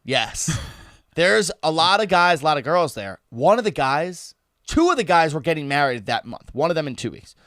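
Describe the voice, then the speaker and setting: Animated man telling a comic story. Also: a little high, normal speed, no echo, studio quality. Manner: animated, laughs through his story, swears freely. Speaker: podcast host. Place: live podcast recording.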